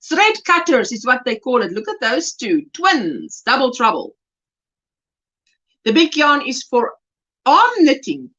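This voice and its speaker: Animated high-voiced woman livestreaming. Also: measured pace. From South Africa. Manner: chatty and animated, gushing over yarn. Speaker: crochet livestream host. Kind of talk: casual livestream chat, reading viewer comments aloud. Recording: dull lo-fi livestream audio.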